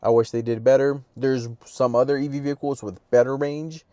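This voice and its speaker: A man's voice: medium pitch, steady tone, fairly quick, mellow, dry recording. A man talking casually to camera outdoors about his car, plain-spoken with offhand asides, sniffly from allergies. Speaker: vlogger reviewing his car.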